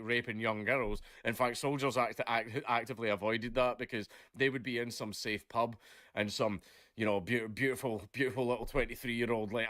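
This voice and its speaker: Man, mid-pitch, rambling casual rant heavy on fillers and swearing; dry close recording. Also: fairly bright tone, no echo. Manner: rambling, leans on "basically" and "right?", swears a lot. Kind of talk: casual ranting chat.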